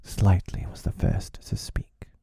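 A man reading a storybook in a hushed whispered role-play, close to the mic, slow and husky. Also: no echo.

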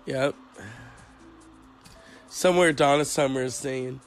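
A man hosting a casual chat, rambling and crude in a deadpan way. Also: mid-range voice, measured pace, vocal fry, soft background music, poor audio.

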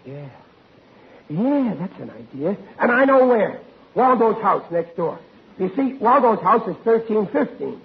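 An actor playing an excitable, bumbling working-class family man in a 1940s radio comedy, blustery and flustered. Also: high voice, a little slow, creaky, full character voice. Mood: scheming. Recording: tinny old radio broadcast with faint hiss.

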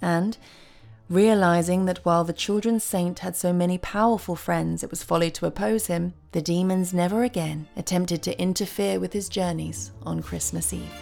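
Low gravelly woman reading a story. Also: steady tone, normal speed, darkish tone, soft background music. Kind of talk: storybook narration.

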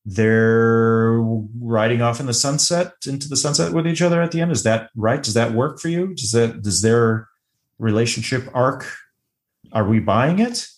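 A podcast co-host with a mid-range voice and moderate pace chats casually about a film in a review-style conversation. He's animated and joking, acting out quotes as he talks.

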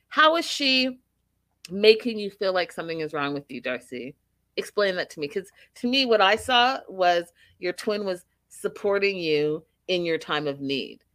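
A woman's voice: fairly low pitch, a bit bright, no room sound. A woman casually recapping a reality show, opinionated and full of rhetorical questions.

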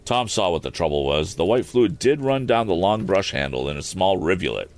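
A man reads a story aloud in a very deep voice. His delivery is relaxed and expressive, ranging widely in pitch, with the odd stumble he corrects. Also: fairly quick. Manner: relaxed, occasional slips and self-corrections. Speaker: reader.

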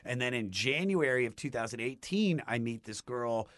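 A man telling a personal story in a casual chat, rambling and animated, with many restarts. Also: medium pitch, moderate pace, no room sound. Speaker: podcast guest.

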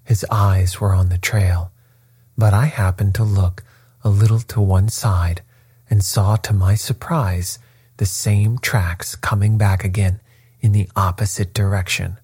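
A man reads a first-person story aloud in a slow, measured way. His voice is low, dark and a little husky. The recording is dry and close. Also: fairly even intonation, no echo. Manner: measured, unhurried reading. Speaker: audiobook narrator.

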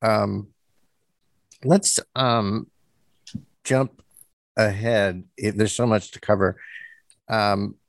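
A man hosting an interview, asking questions hesitantly with many pauses and restarts. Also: lowish voice, steady tone, creaky, no room sound. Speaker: interviewer host. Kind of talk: interview conversation.

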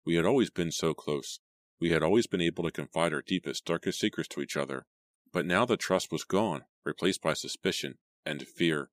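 A man reading a first-person horror novel aloud in a measured, steady way. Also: low voice, no room sound. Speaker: audiobook reader.

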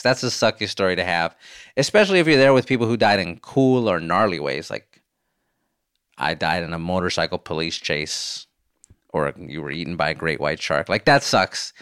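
A man's voice: low voice, clear, resonant tone, dry recording, clean studio sound. Laid-back man telling funny stories. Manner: animated storytelling, swears, laughs often. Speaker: podcast host. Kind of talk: casual podcast chat answering listener voicemails.

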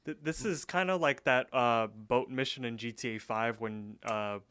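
A young man co-hosting a podcast, casually recapping a cartoon episode with lots of fillers and quick acted-out quotes. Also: mid-range voice, bright, forceful tone, clear, resonant tone, no echo. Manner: chatty, many fillers, acts out quotes. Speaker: podcast co-host.

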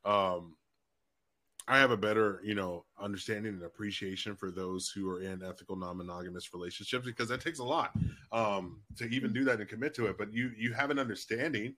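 A man's voice: fairly low pitch, fairly quick, bright, forceful tone. A man hosting an interview podcast, talking casually in loose, filler-heavy phrasing with some swearing. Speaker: podcast host.

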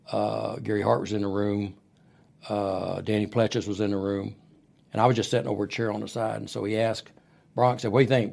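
A man's voice: on the low side, creaky. A middle-aged man, a podcast guest telling wrestling stories and acting out the voices of the people in them. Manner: animated storyteller who acts out quoted voices. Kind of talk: storytelling interview. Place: podcast studio.

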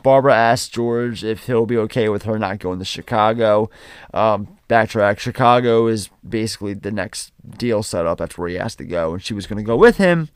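A man's voice: medium pitch, clean tone, no echo. Male host, mid-range voice, dry booth sound, casual recapper. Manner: recaps scenes, swears casually. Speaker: podcast host. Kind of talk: casual film podcast chat.

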